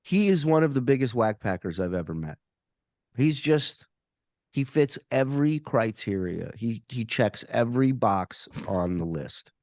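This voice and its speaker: A man telling a story as a podcast guest, animated and profane, often repeating words as he restarts his sentences. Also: mid-range voice, measured pace, dry recording, studio quality. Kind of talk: casual storytelling.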